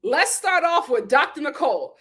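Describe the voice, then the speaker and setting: A woman casually recapping a reality TV episode, animated, acting out quotes and laughing often. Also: sits high, normal speed. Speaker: reality TV commentator.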